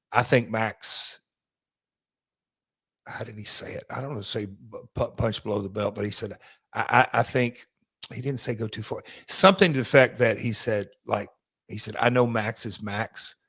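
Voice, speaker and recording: A man's voice: fairly low pitch, fairly bright tone, dry recording. Man telling a rambling backstage story. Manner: rambling, halting with fillers and restarts. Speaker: podcast co-host, former wrestler. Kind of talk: casual storytelling chat.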